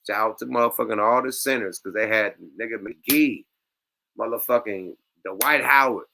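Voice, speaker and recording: A man hosting a loose reaction show, swearing freely and leaning on street slang. His voice is sharp and bright, and his pitch swings widely as he rants. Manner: animated, laughs loudly, loose street slang. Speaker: show host reacting to clips. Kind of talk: profane casual commentary.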